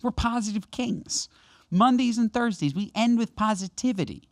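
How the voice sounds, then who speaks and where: A man's voice: high-pitched, normal speed, no echo, clean studio sound. A man co-hosting a casual comedy podcast, ranting in mock outrage about small gripes. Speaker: podcast co-host.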